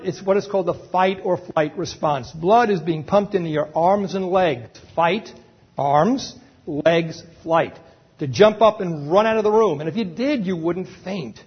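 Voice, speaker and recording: Guy with a high husky voice lecturing dentists, keeps asking okay?, muffled old recording. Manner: emphatic, checks in with "okay?". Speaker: dental emergency lecturer. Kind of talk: live lecture to a dental audience. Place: lecture room with an audience.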